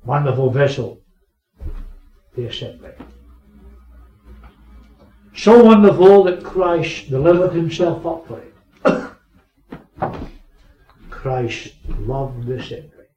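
A man preaching a sermon, swinging between raised emphasis and quiet asides. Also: a little high, animated, takes it slowly, long pauses, slight background noise. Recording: echoey, distant, muffled recording.

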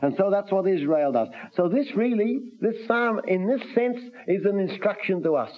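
A man preaching a sermon, measured and earnest, reading scripture aloud in old-fashioned wording. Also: high-pitched, expressive. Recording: dull lo-fi radio recording.

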